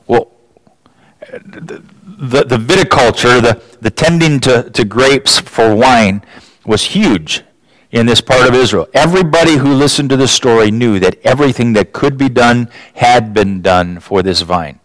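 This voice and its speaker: A man delivering a sermon at a slow, deliberate pace. His voice sits at a middling pitch and leaps upward when he stresses a point. The sound is dry and close, with no room echo. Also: fairly bright tone. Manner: dramatic rises in pitch for emphasis, frequent restarts. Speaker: preacher.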